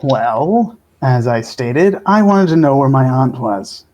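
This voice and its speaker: A man's voice: mid-range voice, lively intonation, slow pace, darkish tone, low-quality recording. A man voicing a guarded young man who has been searching for his lost aunt, answering in a curt and defensive way.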